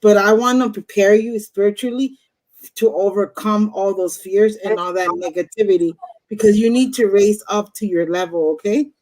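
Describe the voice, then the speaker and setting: A woman's voice: mid-range voice, steady tone, normal speed, dark tone, poor audio. A woman reading tarot on a live stream, talking bluntly and swearing freely. She leans straight into the listener and gets fired up when something strikes a nerve. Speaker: host, tarot reader.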